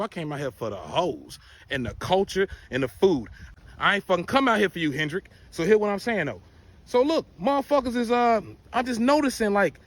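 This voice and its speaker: High-voiced man ranting a story. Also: no echo. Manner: profane, animated, rambling. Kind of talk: casual storytime rant.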